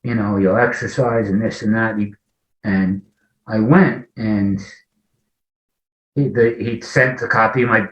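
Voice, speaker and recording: A man in his forties sharing a personal recovery story in a conversation, talking haltingly, often restarting sentences and acting out remembered dialogue. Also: on the low side, fairly even intonation. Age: 40s. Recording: echoey, muffled lo-fi audio.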